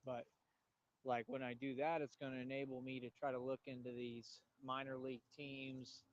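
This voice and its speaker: A man's voice: little pitch movement, normal speed, slight background noise. Man, outdoor vlog, boastful rambling monologue, dull lo-fi phone audio, faint outdoor background. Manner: boastful, rambling, talks to animals in a high cooing voice. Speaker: vlogger. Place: outdoors near trees.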